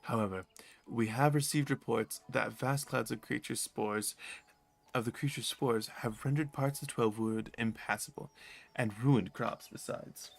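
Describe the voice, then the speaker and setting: A man's voice: medium pitch, vocal fry, soft background music. Man reading as a stern forest officer. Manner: slow, measured, formal reading.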